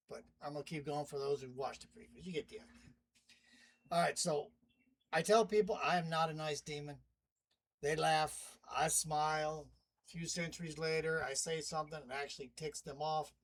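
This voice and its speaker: A man's voice: fairly high pitch, poor audio. A man talking casually to camera in a wry, rambling monologue, styling himself a demon host. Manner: chatty, wry, rambling asides. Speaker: vlogger playing a demon narrator.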